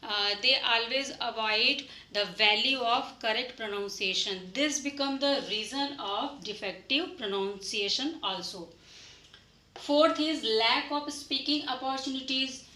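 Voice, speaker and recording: Woman teacher w indian accent, bright voice, kinda high, lots of uh and restarts. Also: echoey room, poor audio. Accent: Indian English. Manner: deliberate, with frequent fillers and restarts, addressing students. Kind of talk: classroom lecture.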